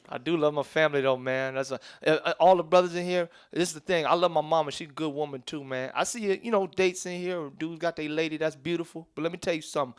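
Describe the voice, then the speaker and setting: High-pitched young man, stand-up comic, streetwise storytelling, handheld mic on a club stage. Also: fairly even intonation, smooth. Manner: loose, streetwise storytelling with quick asides to the crowd. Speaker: stand-up comedian. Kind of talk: stand-up comedy set.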